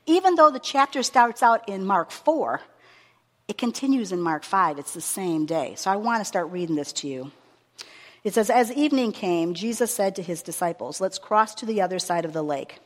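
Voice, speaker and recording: A woman preacher giving a sermon with a long scripture reading, earnest and measured, stressing her words as she reads aloud. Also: mid-range voice, animated. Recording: long reverb of a hall.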